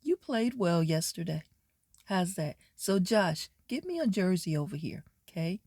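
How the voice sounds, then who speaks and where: A woman doing a casual sports wrap-up, sassy and animated, talking straight at teams and players. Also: fairly low pitch, measured pace, no room sound, studio quality. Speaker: sports commentary vlogger.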